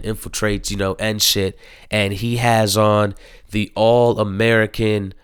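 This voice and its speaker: A man's voice: on the low side, fairly bright tone, clean tone, no echo, clean studio sound. A man giving a casual spoken review of a TV show, rambling and profane, with many fillers.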